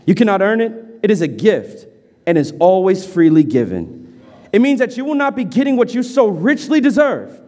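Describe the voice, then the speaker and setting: A stern, patient school principal, played by a male preacher, speaking low, slow and grave with quiet authority. Long church-hall reverb trails each phrase. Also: very animated.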